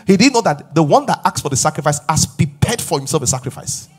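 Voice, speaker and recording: A middle-aged man preaching a sermon as pastor, emphatic and rising to shouts. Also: on the high side, animated, brisk, breathy edge, soft background music.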